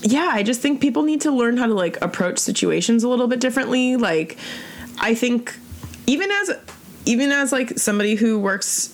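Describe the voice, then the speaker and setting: A woman's voice: a little high, fairly quick, a little hiss or hum. Rambling woman podcast co-host. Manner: relaxed, rambling, frequent "like". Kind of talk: casual chat.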